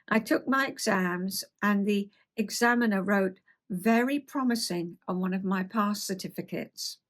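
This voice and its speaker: Older woman, 70s, London accent. Memoir read-aloud with rambling chatty asides, self-deprecating. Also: medium pitch. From South East England. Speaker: host.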